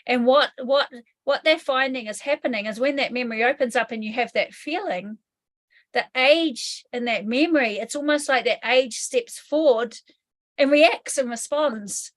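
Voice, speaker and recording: NZ woman, hypnotherapy trainer as interview guest; fairly high, candid, swears casually. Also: moderate pace. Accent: New Zealand. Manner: candid, swears casually, acts out inner voices. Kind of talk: explanatory interview talk.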